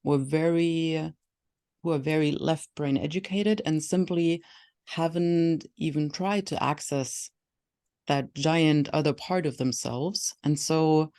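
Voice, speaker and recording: German-accented guest, calm and explainy, mid voice, talking through examples. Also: medium pitch. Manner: measured, explanatory, teacherly. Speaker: guest, software engineering professor. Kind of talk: conversational interview answers.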